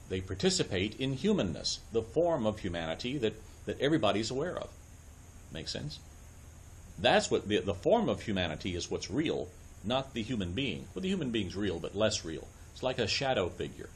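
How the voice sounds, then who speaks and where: Low-voiced man lecturing, full of ums. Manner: explanatory, many ums and uhs, asks if it makes sense. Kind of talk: church adult education lecture. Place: church classroom.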